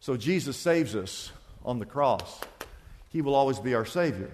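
A man's voice: mid-range voice, lively intonation, moderate pace, a little mellow, in a large hall, slight background noise. A man preaching a sermon as pastor, telling a story and acting out the voices of its people, with lots of repetition.

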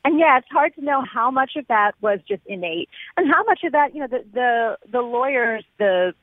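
A woman guest in casual chat, animated and laughing now and then. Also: high-pitched, moderate pace, no room sound. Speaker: guest commentator. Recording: phone line.

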